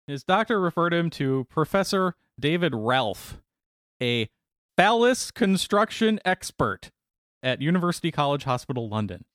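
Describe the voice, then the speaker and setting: A man's voice: a little high, very animated, normal speed, fairly bright tone, dry recording, clean studio sound. A man co-hosting a podcast, reading out a news story in casual chat with wry asides and laughs. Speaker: podcast co-host.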